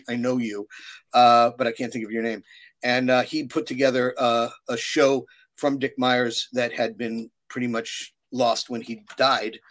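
A man in his sixties, a puppeteer, telling stories in a rambling way with many fillers and restarts. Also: medium pitch. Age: 60s. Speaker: puppeteer guest. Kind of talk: conversational interview.

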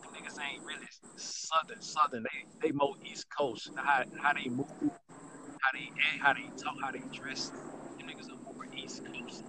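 A man chatting casually about rap and regional style, musing in a loose, drawn-out way and often asking "you know what I'm saying". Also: mid-range voice, level tone, background noise.

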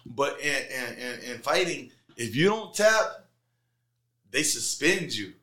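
A middle-aged man on a casual podcast, telling his fight stories with animated energy and plenty of swearing. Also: medium pitch, slow. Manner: animated storyteller, heavy swearing.

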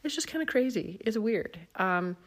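A woman's voice: mid-range voice, animated, normal speed. A woman with a Midwestern American accent hosting a casual solo chat, chatty and full of fillers and laughs. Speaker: podcast host.

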